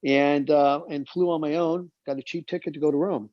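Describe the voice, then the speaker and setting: A man's voice: a little high, fairly even intonation, fairly quick, no echo. A man in his sixties, a film director, telling rambling career anecdotes and acting out the quoted dialogue. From United States. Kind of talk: casual anecdotal storytelling. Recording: dull lo-fi sound.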